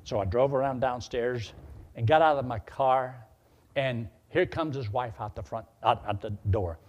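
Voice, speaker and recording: A man's voice: medium pitch, normal speed. A male preacher telling a personal story in a sermon, acting out the dialogue as he goes. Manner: animated, acts out dialogue.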